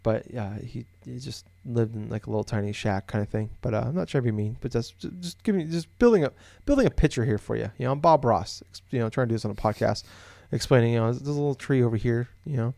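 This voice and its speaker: A young co-host from Des Moines, Iowa talks fast with hardly any pauses on a casual podcast, rambling with lots of fillers and restarts. His mid-range voice is gravelly with a darkish tone, and the recording has no room sound.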